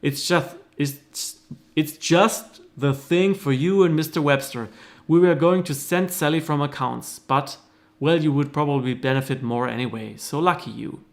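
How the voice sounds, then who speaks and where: Dude reading a pushy chairman type, brisk, sells it hard. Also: on the high side.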